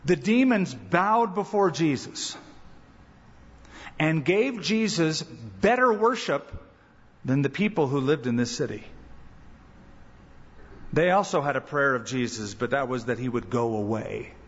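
A man preaching a sermon as pastor, animated, acting out quoted voices. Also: unhurried, long pauses, breathy edge. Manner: animated, acts out quoted voices with rising pitch. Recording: dull church recording with long reverb.

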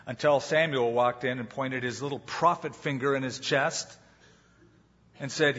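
A man's voice: mid-range voice, lively intonation, normal speed, fairly bright tone, breathy edge. A man preaching a sermon as pastor, dramatic and acting out the people he quotes. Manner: dramatic, acts out quoted voices. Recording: muffled hall recording with long reverb.

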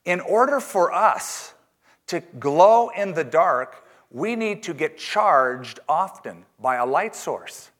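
A man preaching a sermon in church, reading scripture slowly and emphatically, with joking asides. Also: fairly high pitch, very animated, fairly bright tone. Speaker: pastor.

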